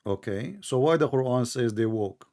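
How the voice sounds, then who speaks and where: A man hosting a heated live debate, arguing sarcastically in non-native English and repeating his points slowly. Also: medium pitch, expressive, gravelly, mellow. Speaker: debate show host.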